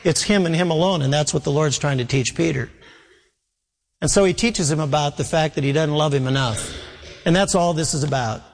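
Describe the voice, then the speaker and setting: Preacher, male, fairly high voice, earnest sermon delivery, long church reverb. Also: brisk. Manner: earnest preaching, voicing Jesus in quotes. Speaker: pastor.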